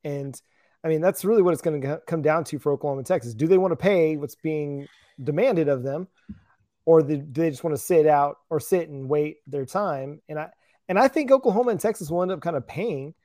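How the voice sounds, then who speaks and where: A man's voice: fairly high pitch, a little fast, mellow, no echo, studio quality. A man as a guest on a sports podcast, talking casually and hesitantly, often correcting himself.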